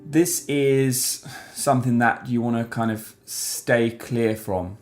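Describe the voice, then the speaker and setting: A man's voice: mid-range voice, slow, soft background music. A man giving a casual voice lesson, explaining resonance and singing short syllables to demonstrate. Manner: demonstrates vocal sounds on syllables like "ma" and "mum"; relaxed, conversational explaining. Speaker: singing teacher. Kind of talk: voice lesson to camera.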